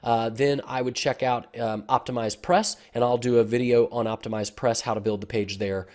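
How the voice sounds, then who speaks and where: A man of ordinary, mid-range pitch talking through a screen-recorded software tutorial. He explains each step in a casual, easygoing way, with frequent fillers and "okay?" check-ins. The voice comes through a desktop computer mic. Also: fairly even intonation, brisk. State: has the hiccups. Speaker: online marketing tutor.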